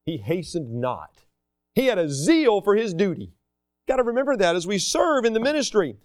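A man's voice: high voice, normal speed, no echo, studio quality. A man preaching a sermon, talking casually and acting out the people he quotes. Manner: animated, acts out the people he quotes.

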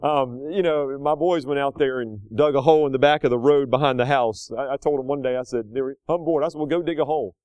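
A man's voice: medium pitch, quick pace, few pauses, a little mellow, clean tone, no echo. A middle-aged male pastor preaching a sermon in a conversational way, drifting into homely anecdotes and back.

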